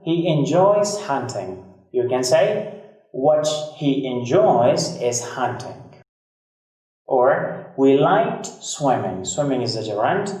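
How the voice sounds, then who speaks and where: A man teaching an English grammar lesson, patiently explaining and repeating key words slowly. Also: medium pitch, a little mellow. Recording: very echoey room, mic far off.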